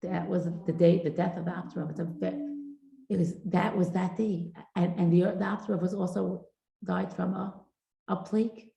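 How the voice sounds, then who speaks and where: A woman's voice: on the low side, little pitch movement, normal speed, creaky, dark tone, reverberant, poor audio. A middle-aged woman teaching a parenting class in a chatty, informal way, mixing Hebrew and Yiddish terms into her talk.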